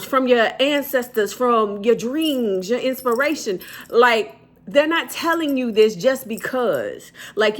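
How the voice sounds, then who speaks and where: Blunt, motherly woman reading tarot. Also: on the high side. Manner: blunt, motherly tough-love, calls the listener baby. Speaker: tarot reader, channel host. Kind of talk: tarot card reading to camera.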